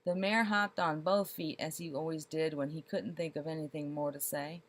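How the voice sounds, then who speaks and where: A woman reads a children's story aloud, her voice sitting a little on the low side. She is expressive and slows down to savor the comic details.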